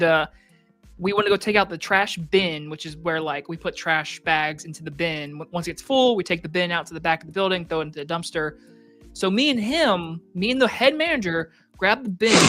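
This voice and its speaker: A person in their twenties telling animated, profane stories in casual chat. They act out the customers and coworkers they quote. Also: mid-range voice.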